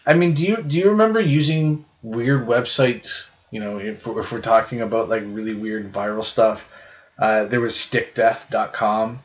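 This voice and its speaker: A man's voice: lowish voice, normal speed. A young man co-hosting a podcast, telling rambling stories with lots of swearing. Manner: rambling storyteller, heavy swearing. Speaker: podcast co-host. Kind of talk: casual chat. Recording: dull lo-fi podcast sound.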